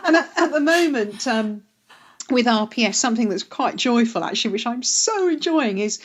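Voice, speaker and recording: A woman's voice: fairly high pitch, expressive, normal speed, lo-fi sound. A woman from Northern Ireland, a planning director, chatting casually as a podcast guest. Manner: chatty, warm laughs, fillers.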